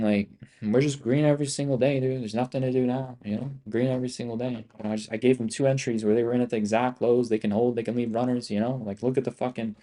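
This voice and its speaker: A man's voice: mid-range voice, mellow. A young man live-streaming his trading, talking casually to his chat in a rambling, profane, boastful and repetitive way. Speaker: live-streaming options trader.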